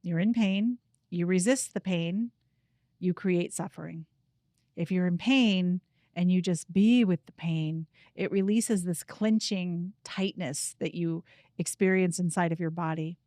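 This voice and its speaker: A middle-aged woman speaking earnestly and from the heart, leading listeners through a calm guided practice. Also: lowish voice, unhurried, no room sound, clean studio sound. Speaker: grief coach and host. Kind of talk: reflective personal talk and guided practice.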